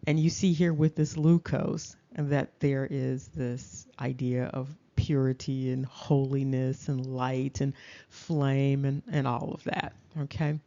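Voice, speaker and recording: Slow, mellow-voiced woman lecturing. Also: sits low. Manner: deliberate, checks in with "okay?". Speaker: lecturer presenting slides. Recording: dull lo-fi recording.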